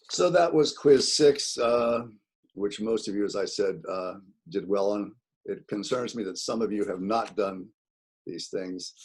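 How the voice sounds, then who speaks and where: A man's voice: fairly low pitch, darkish tone, slightly rough. A middle-aged man teaching a college English class over a video call, explaining points patiently with many fillers and repetitions. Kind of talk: online class lecture.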